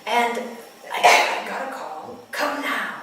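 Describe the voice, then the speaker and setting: Laughing often, a lively midwife in her sixties tells stories to a workshop audience gathered in the room. She speaks slowly in a voice on the high side, and the noisy recording comes from a distant mic in a very echoey space.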